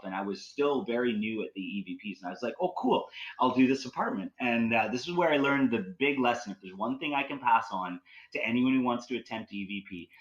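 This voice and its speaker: A Canadian man, appearing as a podcast guest, tells stories casually, rambling and excitable and packing his talk with fillers. His voice sits fairly low, and the recording quality is poor.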